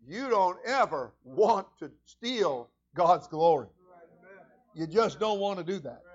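A man with a high-pitched voice delivers a sermon as senior pastor. He moves between quiet, conversational asides and loud, fervent prayer. The recording sounds dull and lo-fi.

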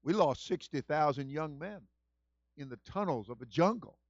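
Male senior pastor, sermon delivery, repeats lines for emphasis, swings from hushed to loud. Dry, muffled recording. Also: a little high, lively intonation, moderate pace, dry recording. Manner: swings from quiet storytelling to shouted exhortation.

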